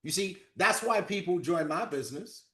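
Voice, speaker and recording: Energetic motivational speaker, a man. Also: high voice, normal speed. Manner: energetic, coaching, acts out phone calls. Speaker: network marketing trainer. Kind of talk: motivational talk.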